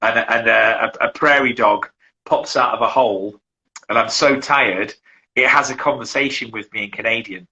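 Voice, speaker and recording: Middle-aged english guy, survival instructor type, rambles a lot, bright forward voice. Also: mid-range voice, normal speed, lo-fi sound. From England. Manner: rambling, repeats words and restarts often. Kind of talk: casual interview chat.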